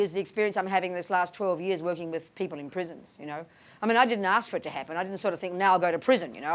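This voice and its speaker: A woman giving a lively Buddhist talk, blunt and emphatic, calling listeners darling and sweetheart and asking tag questions. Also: on the low side. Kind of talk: lively lecture with audience questions.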